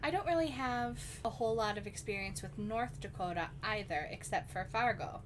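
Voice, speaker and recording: A woman's voice: medium pitch, fairly quick, slight background noise. A young woman with a Minnesotan accent co-hosting a casual podcast chat, laughing often. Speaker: podcast co-host.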